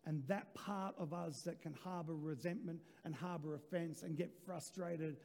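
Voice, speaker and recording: Male pastor, high voice, dark mellow tone, preaching with shouted emphasis and cheeky asides, long reverb of a church hall. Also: steady tone, normal speed, gravelly. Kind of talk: sermon.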